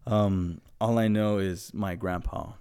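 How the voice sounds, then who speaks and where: A man's voice: on the low side, steady tone, slow, warm tone, clear, resonant tone. A young man hosting a casual chat, joking and swearing and laughing easily.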